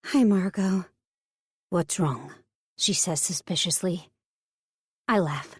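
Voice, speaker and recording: Low-voiced woman narrating a romance. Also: a little mellow, no echo, studio quality. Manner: wry, self-mocking inner monologue. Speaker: audiobook narrator. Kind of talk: scripted first-person romance narration.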